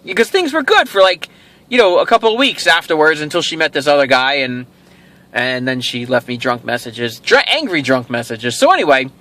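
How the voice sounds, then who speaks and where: High, lively man telling a rambling story. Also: a little fast. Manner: rambling, animated, acts out quoted dialogue. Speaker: toy show host. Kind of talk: casual storytelling vlog.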